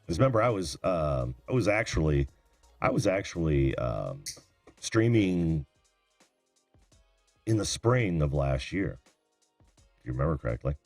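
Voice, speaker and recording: A man's voice: very deep voice, very animated, a little slow, long pauses, no echo, faint music behind. An American man hosting a video call-in show, bantering with dry wit and laughing easily. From United States. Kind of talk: casual banter.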